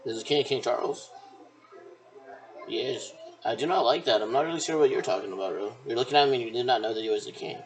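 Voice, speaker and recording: A man's voice: medium pitch, fast talker, low-quality recording. A man talking in a rambling, repetitive monologue that keeps circling back on itself with hesitant restarts.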